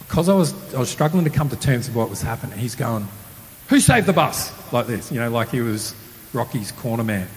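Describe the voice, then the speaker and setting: A man telling a personal testimony in a casual, animated storytelling way, acting out quoted voices. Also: medium pitch. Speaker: testimony speaker. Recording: roomy hall with faint hiss.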